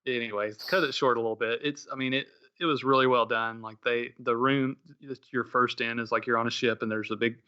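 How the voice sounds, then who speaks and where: A man's voice: medium pitch, fairly even intonation, a little fast, few pauses, bright, forceful tone, clear, resonant tone. Man telling a rambling story, lo-fi. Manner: rambling storyteller, many fillers and restarts. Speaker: podcast co-host. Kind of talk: casual chat.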